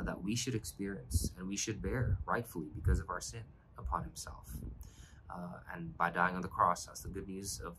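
A man's voice: low voice, noisy background. A man pastor giving an earnest, reflective devotional sermon, often restarting his phrases.

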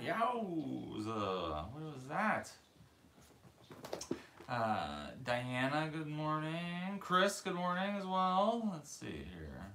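A man's voice: wildly swooping pitch, drawn-out words, pushed and bright, slight background noise. A man hosting a casual livestream from his living room, cooing and baby-talking to puppies and greeting viewers by name in a loose, rambling way. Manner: coos and baby-talks to puppies, jumping into a high voice. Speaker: dog breeder hosting a livestream. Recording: roomy echoey room.

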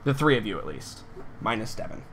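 A man's voice: on the low side, very animated, fairly quick, a bit bright, slight background noise. A man running a tabletop game as game master, narrating in a loose, casual way with many fillers.

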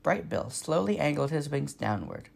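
A man reads a children's novel aloud, telling the story expressively. His voice is deeply gravelly and husky, and his pitch rises and falls freely. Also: very animated, moderate pace. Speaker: reader.

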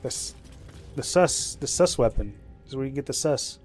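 A young man streaming live, rambling chattily about his game with excitable reactions. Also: mid-range voice, brisk, soft background music. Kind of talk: live gameplay commentary.

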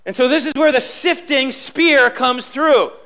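High, bright-voiced preaching man. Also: a little slow, clean tone. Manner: emphatic preaching, repeats key lines, drops low for quotes. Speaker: pastor. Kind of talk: sermon. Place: church sanctuary.

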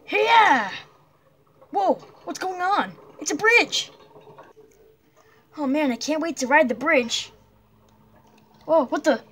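A woman voicing a jumpy young blocky hero in a cartoon adventure, hesitant, with many nervous pauses and yelps. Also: high-pitched, fairly bright tone, exaggerated voice. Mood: startled.

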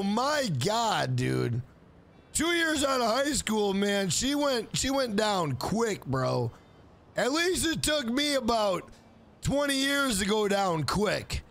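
A man's voice: high-pitched, vocal fry, fairly bright tone. A man around forty, streaming a game live, hyping up and thanking his chat in a casual, profane way. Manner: hyped, profane, reads out viewer names.

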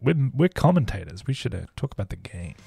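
English male commentator, young, chatty, quick to laugh; animated pitch over background music. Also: gravelly, slightly rough. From England. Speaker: esports commentator. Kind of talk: casual live game commentary.

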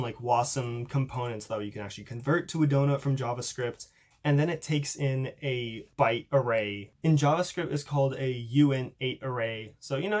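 A young man in a casual tech vlog, chatty and upbeat, showing off a coding project with a self-deprecating humor. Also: medium pitch. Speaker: YouTuber demonstrating a coding project.

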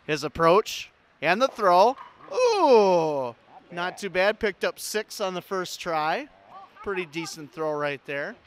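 A man's voice: high voice, very animated, slow pace. A man co-hosting a sports show, calling play-by-play in an arena with wry asides. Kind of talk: play-by-play commentary. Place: indoor arena.

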